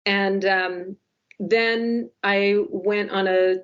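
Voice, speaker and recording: A woman in her forties chats on a podcast, telling a story in a wry, self-mocking way full of quick asides. Her voice sits in a middle pitch. The audio is a little dull and lo-fi. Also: fairly even intonation, fairly bright tone. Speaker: newspaper podcast co-host. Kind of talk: casual podcast chat.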